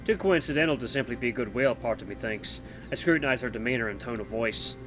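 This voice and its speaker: Man narrating a story game, lively up-and-down delivery, faint music behind. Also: medium pitch, fast talker. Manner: expressive, thinking aloud. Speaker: gameplay narrator. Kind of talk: reading and playing a story game.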